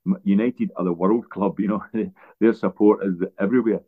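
A man's voice: fairly low pitch, fairly even intonation, normal speed. A Scottish man, a former footballer, telling long rambling anecdotes as an interview guest with frequent restarts. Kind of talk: relaxed storytelling interview. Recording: tinny phone-like line.

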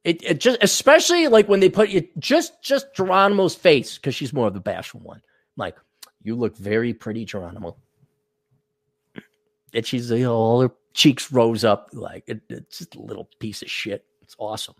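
A man's voice: mid-range voice, moderate pace, vocal fry, pauses often, no room sound, clean studio sound. A man hosting a rambling livestream, talking crudely and ranting, and acting out other people's voices in quotes. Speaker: show host reading superchats.

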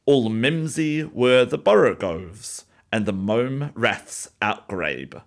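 A man who gives a short personal introduction and then reads a nonsense poem aloud in a slow, deliberate way. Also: mid-range voice, expressive. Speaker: poetry reader.

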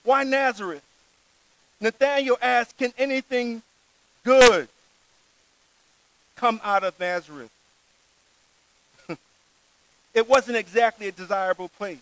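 A man's voice: high voice, a bit bright, low-quality recording. A man preaching a sermon, reading scripture aloud and stressing key words in an earnest preaching manner.

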